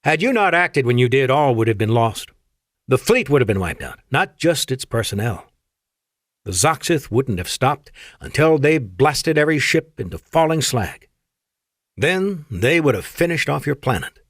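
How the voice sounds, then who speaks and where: A man voicing an ancient, courteous alien admiral with an Afrikaans-tinged accent and formal, measured speech. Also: medium pitch, sing-song, dry recording, clean studio sound. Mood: grave.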